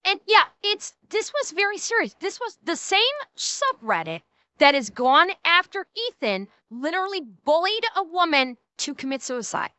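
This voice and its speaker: Woman, streamer, high pitch, sharp bright tone, emphatic rant, heavy swearing, dry close sound. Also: no room sound. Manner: quick shifts between mocking and serious. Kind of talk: casual reaction stream commentary.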